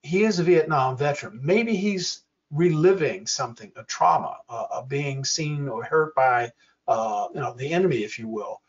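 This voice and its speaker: A man in his sixties giving an educational workshop talk, speaking slowly and clearly and acting out quoted examples. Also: fairly high pitch, lively intonation, far from the mic. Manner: slow, deliberate, acts out quoted examples. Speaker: workshop presenter. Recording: dull lo-fi audio.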